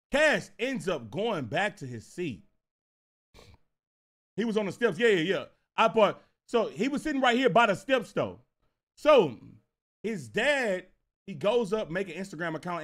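A man telling a casual storytime, animated and profane, repeating himself as he goes. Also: high-pitched. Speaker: storyteller vlogger.

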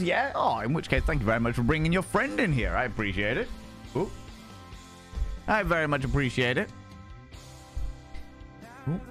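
A man's voice: a little high, very animated, moderate pace, long pauses, fairly bright tone, soft background music. A young man streaming live, chatting with viewers in a playful, sweary way and greeting them by name. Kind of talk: casual live-stream chat.

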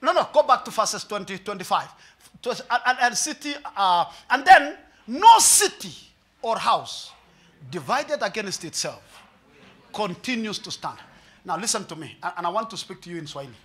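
A man preaching a sermon, mixing in Swahili and humor, swinging from hushed lines to shouts. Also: sits high, big pitch swings, normal speed. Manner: mixes English and Swahili with humor. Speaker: pastor.

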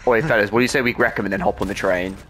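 A man's voice: on the low side, fairly even intonation, fairly bright tone. A man leading his friends in a casual online game chat, brash and bossy, on a headset mic. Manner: brash, bossy, quick to take charge. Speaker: gamer leading his squad.

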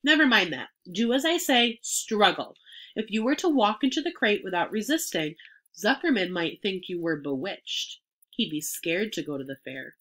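Storybook old sheep, bright and bossy, urgent as voiced by a woman. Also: mid-range voice, sing-song, normal speed. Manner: urgent, commanding.

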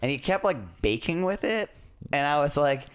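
A man's voice: on the high side, big pitch swings, normal speed, smooth. Laid-back swearing podcast co-host man. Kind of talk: casual chat.

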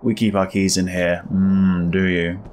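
A man's voice: sits low, level tone, unhurried, a little mellow, slight background noise. A man giving casual, wry commentary while playing a horror game, thinking aloud. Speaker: gaming video creator.

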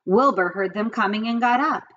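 A woman reading a children's book aloud in an expressive storytelling manner. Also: medium pitch, normal speed, dull audio, a little hiss or hum. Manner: lively, expressive reading with character voices.

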